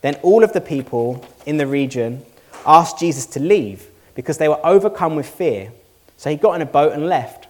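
A man's voice: fairly high pitch, expressive, normal speed, a little mellow. Man preaching a casual sermon. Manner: earnest, conversational preaching with rhetorical questions. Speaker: pastor. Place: church hall before a congregation.

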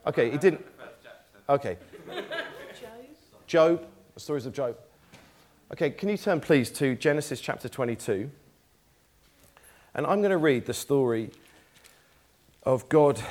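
Guy preaching in church, chatty and a bit jokey, average pitch, reads the bible story out. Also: a little mellow. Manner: conversational, self-deprecating, laughs lightly. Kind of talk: sermon with Bible reading.

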